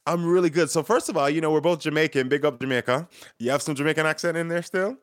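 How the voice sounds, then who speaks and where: A man's voice: on the high side, quick pace, no room sound, studio quality. A man hosting an interview podcast in an upbeat, enthusiastic, chatty way. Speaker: podcast host.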